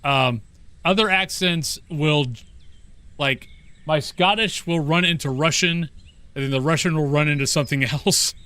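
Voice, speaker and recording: A man's voice: fairly high pitch, unhurried, pushed and bright, clean tone, no echo. A man streaming a ghost-hunting game, chatting casually and easily, often poking fun at himself. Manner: chatty, self-deprecating, easygoing. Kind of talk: casual gameplay chat.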